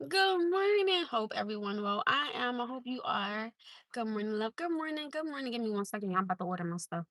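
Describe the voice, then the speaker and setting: A woman chatting casually on a livestream from her car, laughing often as she tells animated stories. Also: a little high, moderate pace, no echo. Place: in a car at a drive-through.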